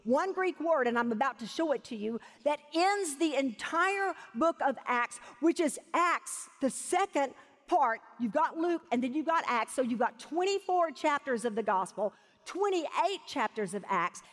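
Woman bible teacher preaching, high voice, stretches out the big words, big hall echo. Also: animated. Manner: emphatic, slows down to stress key words. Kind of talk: sermon. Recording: long hall reverb.

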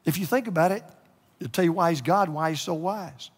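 A middle-aged male pastor preaching a sermon, moving between hushed, near-whispered lines and loud, emotional passages. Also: fairly high pitch, fairly quick, breathy edge. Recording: echoey hall with long reverb.

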